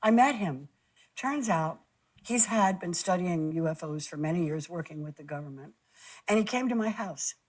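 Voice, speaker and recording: Halting, emotional woman telling a story. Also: on the low side, lively intonation, a little mellow, poor audio. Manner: halting, repeats words, stumbles and restarts. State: close to tears. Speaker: guest recounting an experience.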